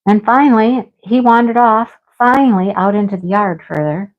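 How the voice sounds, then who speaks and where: A woman's voice: mid-range voice, normal speed. A middle-aged woman livestreaming from home, chatting casually and rambling through a story with scolding asides. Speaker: livestream host. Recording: slightly dull lo-fi sound.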